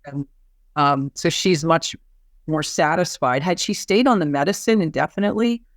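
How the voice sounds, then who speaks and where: A woman psychiatrist talking about a patient as a guest in a conversation, animated and restarting her sentences often. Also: low voice, moderate pace, no room sound, clean studio sound. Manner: animated, with frequent restarts and soft laughs. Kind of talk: conversational case storytelling.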